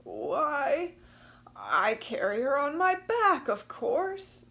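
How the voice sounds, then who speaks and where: Woman voicing a friendly mother crocodile, loud and exclaiming, very high, wide swoops. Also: wildly swooping pitch, extremely slow, exaggerated voice. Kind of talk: storybook read-aloud.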